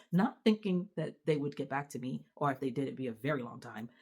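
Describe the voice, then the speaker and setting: A mother talking straight to camera in a casual vlog, animated and exasperated, with lots of restarts and fillers. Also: rumbling low, normal speed. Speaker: mother and vlogger. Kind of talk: casual venting monologue to camera.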